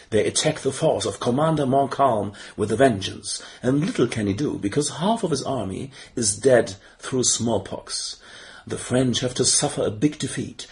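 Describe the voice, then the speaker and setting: A man's voice: medium pitch, vocal fry, a little mellow. Teasing, mock-dramatic game narrator man. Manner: mock-dramatic, teasing, drops in French phrases. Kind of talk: playful recap narration.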